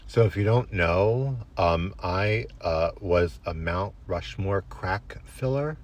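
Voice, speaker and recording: A man telling an absurd comic story to camera in a deadpan, rambling way. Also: low-pitched, slow.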